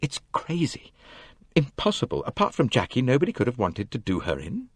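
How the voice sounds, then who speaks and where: A man's voice: medium pitch, wildly swooping pitch, breathy edge, dry recording, voice pushed up. A man reading an audiobook, voicing a bewildered, injured young man who stammers and halts. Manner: stammering, halting. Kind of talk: audiobook character voice.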